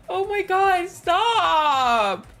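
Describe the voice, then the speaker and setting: Excitable high-voiced woman streaming a game. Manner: loud, excitable, laughs and screams often. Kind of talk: casual live-stream commentary.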